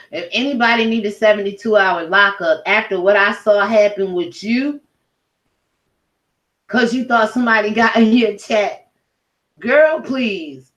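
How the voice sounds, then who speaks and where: A woman's voice: medium pitch, a bit bright, low-quality recording. A woman giving a heated, profane rant as a YouTube commentator, speaking emphatically. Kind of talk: angry rant to camera.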